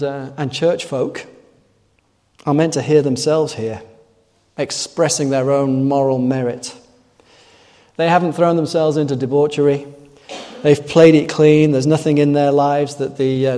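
A man's voice: on the high side, mellow. A man preaching a sermon in an earnest way, often asking rhetorical tag questions, recorded in a large church hall. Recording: long echoing hall reverb.

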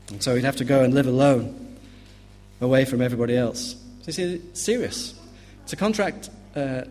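A man preaching an earnest sermon, emphatic and dropping to a hush on grave points. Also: mid-range voice. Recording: long hall reverb.

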